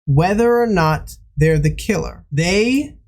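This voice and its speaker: An excitable gaming video host giving joking casual commentary. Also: medium pitch, slow.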